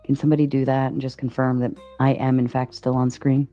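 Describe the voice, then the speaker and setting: A woman with a deep, soft, husky voice talks on a live-stream panel, defiant as she answers viewers and reads out donations. The stream audio is dull and muffled, with faint music behind her. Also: level tone, brisk. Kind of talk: casual live-stream talk.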